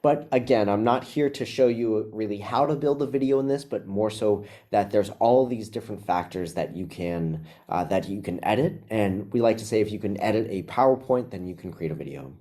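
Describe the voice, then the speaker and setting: A man presenting a webinar, walking through a software demo in a relaxed, casual way with frequent ums and uhs. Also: fairly low pitch, fairly quick, hardly any pauses.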